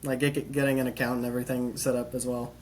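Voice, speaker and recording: An easygoing man hosts a casual podcast chat, speaking at an ordinary pitch and laughing often between short remarks. Faint room ambience sits behind him. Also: level tone, fast, a little hiss or hum. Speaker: podcast host. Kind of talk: casual conversation.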